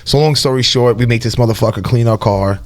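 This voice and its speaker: A man co-hosting a podcast, telling a wild story in a casual, profane, animated way. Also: medium pitch, fast talker. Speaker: podcast co-host.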